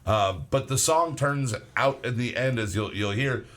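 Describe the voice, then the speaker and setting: A man's voice: mid-range voice, moderate pace, a bit bright. A man co-hosting a podcast, chatting loosely and swearing, with frequent restarts. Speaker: podcast co-host. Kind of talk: casual podcast chat.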